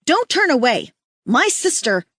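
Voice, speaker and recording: A woman voicing a furious, desperate young woman who yells and swears, in an audiobook. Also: sits high, big pitch swings, measured pace, dry recording, studio quality, pitched above the performer's own voice, heavily acted. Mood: yelling. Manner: yelling, swearing.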